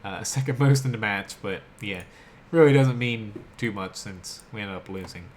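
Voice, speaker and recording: A man from South Jersey, USA, with an American accent streams a game live, giving laid-back, chatty commentary and answering his chat between plays. His lowish voice is a little mellow at a moderate pace, with slight background noise.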